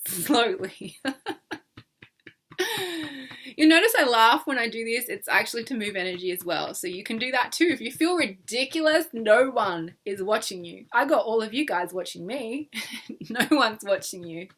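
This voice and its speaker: A woman's voice: fairly high pitch, animated, normal speed, fairly bright tone, slight background noise. A young woman leading a guided tapping session in a playful, coaxing way, laughing often and exaggerating her words. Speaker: EFT tapping coach.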